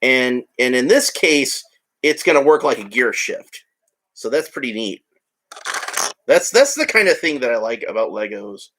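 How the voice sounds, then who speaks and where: A man's voice: medium pitch, big pitch swings, a little slow, a bit bright. A man narrating a toy build in a casual, rambling way with joking asides. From United States. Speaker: hobby vlogger.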